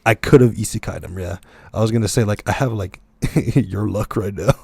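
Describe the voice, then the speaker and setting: Low-voiced man, laughing animated podcast host. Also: moderate pace, gravelly, breathy edge, no room sound. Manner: laughs often, animated storyteller. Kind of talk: casual podcast chat.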